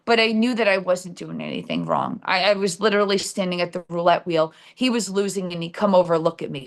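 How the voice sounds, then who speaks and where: This middle-aged woman, host of her own live stream, talks fairly fast with few pauses in a fairly low, very animated voice. She candidly relates a personal story in a New Jersey accent, with plenty of fillers and false starts.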